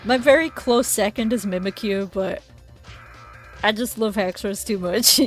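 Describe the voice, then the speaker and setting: A young woman streamer in casual chat while playing, giggly and animated, swearing freely. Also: medium pitch, a little slow, faint music behind.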